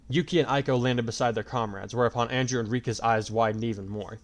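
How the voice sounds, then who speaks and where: A man's voice: mid-range voice, fairly even intonation, fast talker, few pauses. A man reading a fan fiction story aloud as narrator in a plain storytelling voice.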